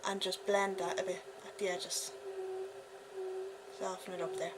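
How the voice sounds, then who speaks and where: A woman's voice: on the low side, level tone, a little slow, pauses often, noisy background. A young Irish woman giving a casual makeup tutorial at home, chatty and giddy, talking to herself as she works. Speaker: beauty vlogger.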